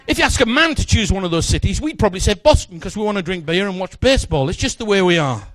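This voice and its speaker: A man's voice: high voice, lively intonation, fast, a bit bright, dry recording. A middle-aged man doing playful, joking stage patter as a magician, chatting with a volunteer from the audience. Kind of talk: live comedy magic patter.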